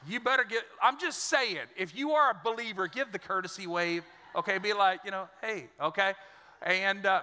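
A middle-aged man preaching to his church in a high, very bright voice. He tells folksy, joking stories as he builds toward his point. His words trail off in the long reverb of a large church hall. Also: a little hiss or hum. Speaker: pastor. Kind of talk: sermon. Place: church auditorium.

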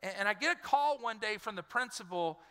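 A man's voice: high-pitched, expressive, a little fast, a bit bright, smooth. A middle-aged male pastor, preaching a sermon and acting out the voices in his stories. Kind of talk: sermon with personal storytelling. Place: large church hall. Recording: reverberant church sanctuary.

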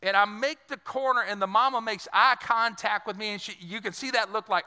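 A middle-aged man from south Louisiana preaching a sermon, with a folksy, conversational delivery and quick asides, heard in a church hall. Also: sits high, sharp tone, clean tone. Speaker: pastor. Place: church sanctuary. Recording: long reverb of a large church hall.

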